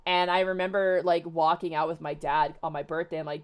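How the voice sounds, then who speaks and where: A young woman with a low voice tells a story in casual chat. She rambles, restarts her sentences and leans on filler words. She talks as a streamer host. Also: fairly even intonation, a little fast, few pauses, darkish tone.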